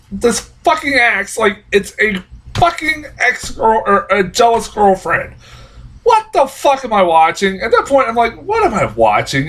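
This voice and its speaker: A man's voice: sits high, a bit bright, a little hiss or hum, poor audio. A young man reviewing a movie in a casual, exasperated rant, cursing often and rambling through restarts and laughs. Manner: exasperated profane ranting.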